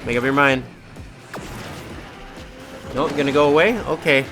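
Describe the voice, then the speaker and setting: A man's voice: mid-range voice, fairly even intonation, moderate pace, pauses often, music in the background. A man casually commenting on his own racing game during a live stream, chatting to his cat and to himself. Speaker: gaming streamer.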